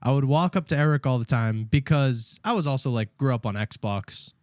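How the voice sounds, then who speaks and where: A young man hosting a podcast, telling a story in casual chat, animated and full of laughs. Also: mid-range voice, moderate pace, no echo, studio quality. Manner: animated, laughing, acts out quotes. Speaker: podcast host.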